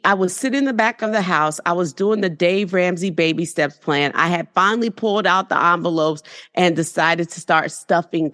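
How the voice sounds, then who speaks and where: A woman's voice: low voice, a bit bright. A middle-aged woman, an entrepreneur, talking candidly and earnestly about her life in an interview, often saying "you know". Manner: earnest, faith-filled storytelling with frequent "you know". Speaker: entrepreneur guest.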